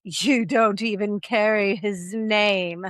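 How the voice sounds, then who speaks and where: A woman voicing a haughty aristocratic baby boy with a put-on upper-class English accent and a slow, disdainful drawl. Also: mid-range voice, steady tone, no room sound, studio quality, close to an everyday voice.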